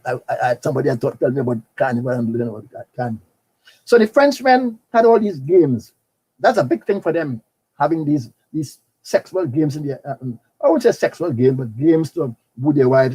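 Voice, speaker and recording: A man's voice: on the high side, lively intonation, a little fast, mellow, breathy edge, poor audio. An older man with a Trinidadian accent lecturing on carnival history, telling it with animation, breaking into snatches of calypso song and often repeating words. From Trinidad and Tobago.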